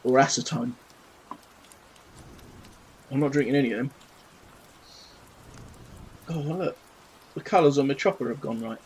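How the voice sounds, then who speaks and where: Speaking a little slowly with long pauses, a British man in his thirties paints models live from his home desk, joking cheekily and swearing playfully. His medium-pitched voice is a little mellow. The rough recording carries a little hiss or hum.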